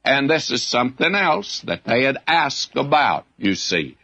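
A man's voice: medium pitch, very animated, unhurried, pushed and bright, muffled recording. A man preaching a verse-by-verse sermon as a Bible teacher, in a folksy way with frequent asides.

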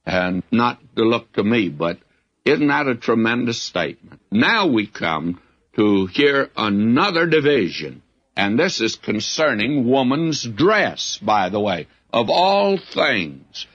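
A man's voice: medium pitch, sing-song, slow pace, fairly bright tone, breathy edge, highs cut off. A man preaching a verse-by-verse sermon as a Bible teacher, in a folksy way with frequent asides.

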